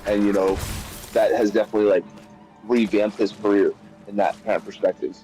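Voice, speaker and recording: A man's voice: fairly low pitch, fairly even intonation, fairly quick, mellow, soft background music, rough recording. A man chatting casually during a gaming session, rambling and often repeating and restarting his sentences. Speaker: streamer chatting while gaming.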